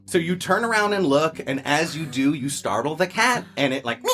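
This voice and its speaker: A man's voice: on the high side, sing-song, moderate pace, fairly bright tone. A man narrating a tabletop game as game master, in a loose, casual way with fillers.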